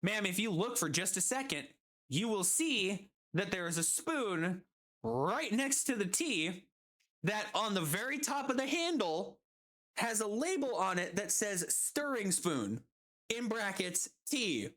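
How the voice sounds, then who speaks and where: A woman's voice: medium pitch, measured pace. A woman doing a firm no-nonsense woman manager. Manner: firm and steady.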